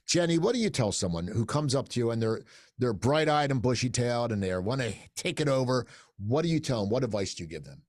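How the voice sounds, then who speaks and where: In a recording studio, a man hosts a podcast, chatting casually and joking with his guests in an interview format. He's lively and jokey, mimicking others, and his mid-range voice moves a little fast with no echo.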